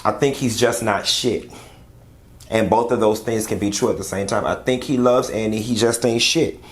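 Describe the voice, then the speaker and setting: A man's voice: fairly low pitch, steady tone, normal speed. Chatty man reviewing a reality show. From United States. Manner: chatty and candid, speaks straight to viewers. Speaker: YouTube commentator. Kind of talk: casual reaction commentary.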